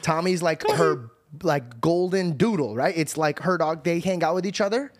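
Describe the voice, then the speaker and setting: A man hosting a podcast, hyper and rambling as he tells stories, jumping up in pitch when he quotes people. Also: normal speed. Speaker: podcast host. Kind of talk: casual chat.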